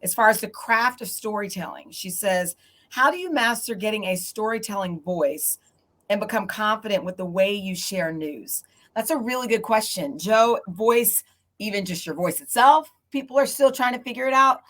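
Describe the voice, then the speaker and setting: A middle-aged woman moderates a panel discussion with a chatty, animated manner. Her pitch sits in an ordinary middle range. She tells stories from her own career with lively turns. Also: moderate pace. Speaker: panel moderator, TV news anchor.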